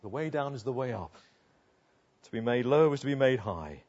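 Earnest preacher with husky voice. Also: male voice, animated, normal speed, darkish tone, muffled recording. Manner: earnest, rising to emphatic declamation then dropping low. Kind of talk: sermon.

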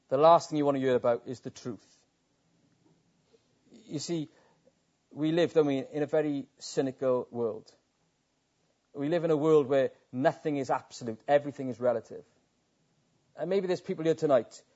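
A man's voice: a little high, mellow. A man preaching an evening sermon, earnest and rhetorical, often restarting his words. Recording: dull lo-fi recording.

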